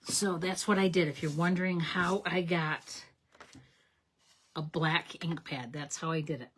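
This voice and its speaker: Her voice sits low with fairly even intonation and a measured pace, over slight background noise. This middle-aged craft demonstrator runs a card-making tutorial on her channel, chatting enthusiastically to "you guys," explaining each step and often catching her own mistakes.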